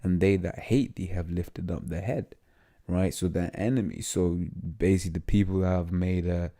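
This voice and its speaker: A lay preacher with a deep, gravelly, dark voice gives an informal teaching on scripture. His speech is halting and full of fillers and tag questions, he trips over passages he reads aloud, and his intonation stays fairly even.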